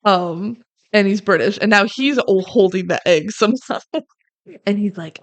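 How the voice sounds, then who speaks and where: A young woman with a gravelly, vocal-fry edge talks through a film scene by scene in a relaxed podcast chat. She slips into short acted-out quotes of the characters as she goes, and her pitch sits at an ordinary middle height. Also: moderate pace. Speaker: podcast co-host. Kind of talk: casual movie recap chat.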